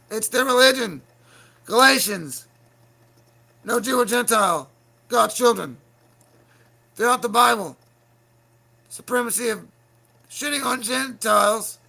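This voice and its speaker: A man rants angrily on his own livestream, swearing freely and breaking into shouts. His voice sits high for a man, with a gravelly, fried edge. The tone is piercingly bright. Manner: angry, profane, bursts into shouting. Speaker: livestream show host. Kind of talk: heated solo livestream rant.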